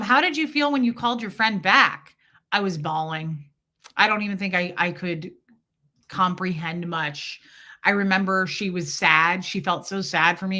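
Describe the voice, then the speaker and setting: A woman's voice: medium pitch, sharp tone. A woman in her forties hosting a casual chat with viewers, telling a personal story with candid, emotional swearing. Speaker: livestream host.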